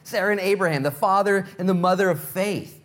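A man's voice: high-pitched, brisk. A male pastor preaching a sermon in a casual, conversational way, full of rhetorical questions.

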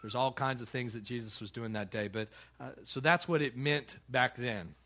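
An American man preaching in a church in an easy, conversational way. He often restarts his sentences and chuckles between his points. His voice sits at an ordinary middle pitch. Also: moderate pace, a bit bright. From United States. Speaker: pastor. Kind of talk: sermon.

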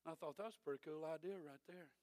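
A man's voice: on the high side, fast, a little mellow, dry recording. A middle-aged man preaching a sermon as a pastor, telling folksy stories with dry humor.

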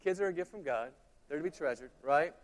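High-voiced pastor in a reverberant church. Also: male voice, fairly quick. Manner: conversational, animated storytelling with asides to the congregation. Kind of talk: sermon. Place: church sanctuary.

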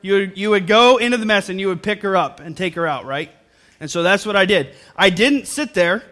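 Young guy pastor preaching in church, kinda high voice, earnest, keeps repeating himself for emphasis. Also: expressive, a little fast, sharp tone. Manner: earnest, repeats phrases for emphasis, talks to the congregation. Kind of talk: sermon. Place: church service before a congregation.

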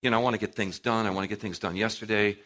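A middle-aged man preaching a sermon to a live audience, telling stories with animated swings in volume and acting out what people said. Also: fairly low pitch, racing. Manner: animated storytelling, acting out quotes with big swings in loudness.

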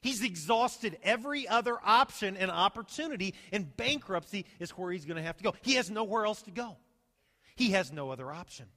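A man preaching a sermon as pastor, animated, swinging between loud emphasis and soft, slow asides. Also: high-pitched, big-room sound. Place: church sanctuary.

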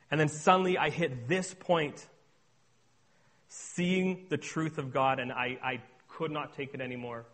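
A young man giving an earnest sermon-style testimony, moving between hushed and emphatic delivery. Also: on the high side, steady tone, measured pace. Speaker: speaker on addiction recovery.

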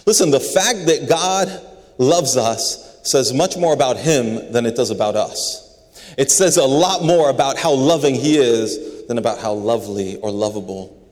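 A pastor with a mid-range, slightly mellow voice preaches a sermon in an earnest manner. He often repeats words for emphasis, and the recording, made in a large building, has the long reverb of a large hall.

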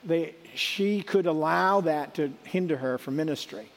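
A man's voice: on the high side, unhurried, in a large hall. A middle-aged man giving a sermon in a conversational, folksy way, with asides and restarts. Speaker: preacher.

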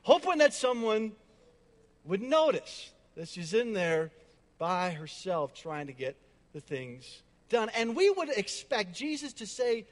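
A man's voice: high voice, big pitch swings, unhurried. A man preaching a sermon, emphatic and repetitive, with casual conversational asides. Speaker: pastor. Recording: long hall reverb.

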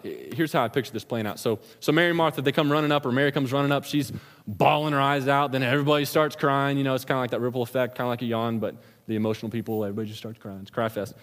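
Male pastor, laid-back slangy sermon, mid-pitched voice, long hall reverb. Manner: casual, slangy storytelling preacher.

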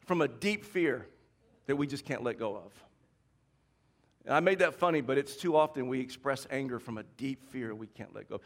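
A middle-aged male pastor from the American South preaching a sermon, repeating key lines and swinging from hushed to shouting. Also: mid-range voice.

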